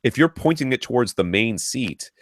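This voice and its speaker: A man's voice: mid-range voice, expressive, moderate pace, no room sound, clean studio sound. A man co-hosting a podcast, explaining listener advice at length in a chatty way with restarts. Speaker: podcast co-host. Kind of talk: casual advice chat. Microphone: podcast mic.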